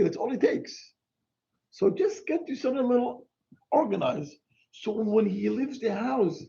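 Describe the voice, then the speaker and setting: Animated rabbi preaching. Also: male voice, sits high, gravelly. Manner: animated, emphatic, exclaiming, mixing in Hebrew words. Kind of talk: sermon. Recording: dull lo-fi recording.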